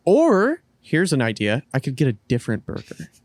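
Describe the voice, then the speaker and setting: A man's voice: fairly high pitch, huge pitch swings, normal speed, a little mellow, dry recording. A man co-hosting a podcast in casual chat, explaining his point earnestly with everyday examples. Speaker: podcast co-host. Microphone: podcast microphone.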